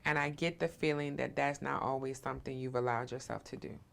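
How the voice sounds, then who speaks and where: A woman interviewer with a low, gravelly voice hosts a supportive conversational interview. Her tone is steady, brisk and a bit bright, and she sounds affirming and emphatic, often tagging her lines with "right?"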